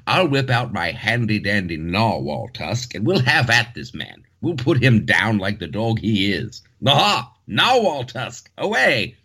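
A man voicing a plucky, posh British gentleman with a put-on British accent, talking in a theatrical, exclaiming way. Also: lowish voice, very animated, measured pace, hardly any pauses, husky, exaggerated voice. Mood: gallant.

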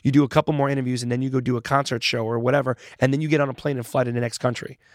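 A man in his forties chatting as an interview guest, an animated storyteller who swears casually. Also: mid-range voice, racing, dry recording, clean studio sound. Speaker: interview guest, former boy band singer.

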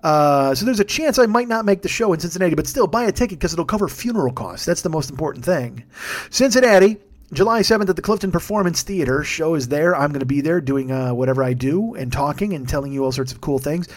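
Male comedian-host, late-night tired, yawning, profane, rambling, self-deprecating, slightly high voice. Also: expressive, quick pace. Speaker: podcast host; stand-up comedian. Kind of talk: casual late-night monologue with plugs.

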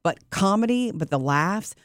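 Male podcast co-host, lively chatty delivery, slightly higher voice, dry close mic. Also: a little slow, no room sound. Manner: chatty, animated retelling. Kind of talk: casual chat.

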